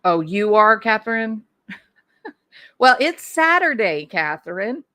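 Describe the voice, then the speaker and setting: A woman's voice: a little high, big pitch swings, slow pace, pushed and bright. A woman hosting a casual livestream, chatting and answering viewer comments, thinking aloud with restarts and small laughs. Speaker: livestream host.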